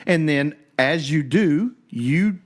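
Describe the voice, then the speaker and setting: A man's voice: on the high side, slow pace. A man, co-hosting a podcast and telling a funny story in casual chat. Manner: animated, laughing storyteller. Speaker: podcast co-host.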